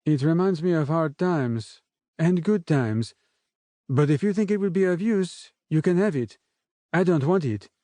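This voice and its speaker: In this storybook reading, a soft-spoken young Frenchwoman talks in a gentle, lifted voice, as a male narrator puts her on. Her French accent is light and quiet. The voice is dry and close, with no room around it. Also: a little high, expressive, a little slow, dry recording, pitched above the performer's own voice. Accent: French, put on. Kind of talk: audiobook character voice.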